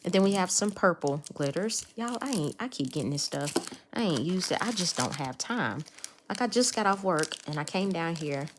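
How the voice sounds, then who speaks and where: A woman's voice: lowish voice, expressive, normal speed, background noise. A woman chatting casually to her viewers while unboxing nail supplies. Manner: chatty, talks to viewers as y'all. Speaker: nail art vlogger.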